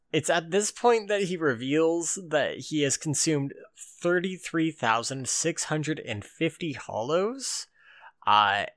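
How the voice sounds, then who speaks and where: A man's voice: medium pitch, fairly bright tone, no echo, clean studio sound. A man casually recapping an anime episode, rambling with lots of fillers and some swearing.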